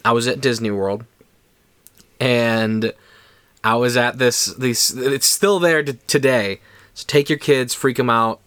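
Animated storytelling man, dry sound. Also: medium pitch, clear, resonant tone, no echo. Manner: animated, filler-heavy anecdote telling. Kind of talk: casual chat, storytelling.

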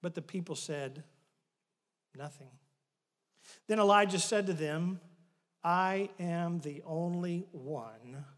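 A male pastor preaching a sermon, retelling a story with animated swings from loud bursts to hushed asides. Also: high-pitched, big-room sound.

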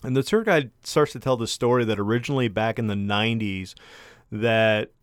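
Smooth-voiced man swearing through a story. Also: lowish voice, moderate pace, no echo, studio quality. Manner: profanity-heavy, animated storyteller. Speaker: podcast co-host. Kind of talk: casual storytelling chat.

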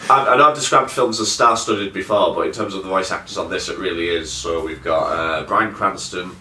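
Deep, bright-toned man reviewing a film. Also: steady tone, fairly quick, slight background noise. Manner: rambling, hesitant with many fillers. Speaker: podcast host reviewing a film. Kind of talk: casual film review chat. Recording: echoey room, far from the mic.

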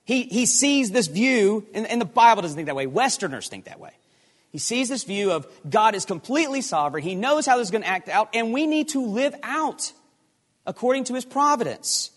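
A man preaching a sermon, emphatic and animated, firing off rhetorical questions. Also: high voice, normal speed. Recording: long hall reverb.

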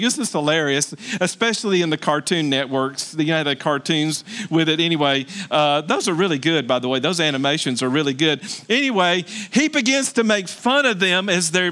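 A man, a pastor, preaching a sermon as lively storytelling with exclamations and asides. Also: high voice. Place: indoors.

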